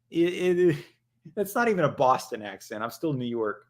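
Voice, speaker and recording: A man's voice: mid-range voice, sing-song, normal speed. A man hosting a casual livestream chat as a comic shop owner, laid-back and crude.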